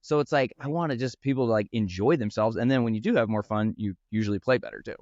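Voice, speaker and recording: A man's voice: medium pitch, a little mellow, no echo, dull audio. A man who teaches golf, talking earnestly in a casual podcast chat, with lots of fillers. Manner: earnest, fast-flowing with frequent fillers. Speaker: golf instructor and brand founder.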